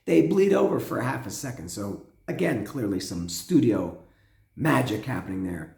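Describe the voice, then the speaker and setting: A man hosting a casual spoken album review, his voice hoarse and cracking, rambling with restarts and humming along. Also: mid-range voice, sing-song, moderate pace, a little mellow. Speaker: host. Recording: echoey room.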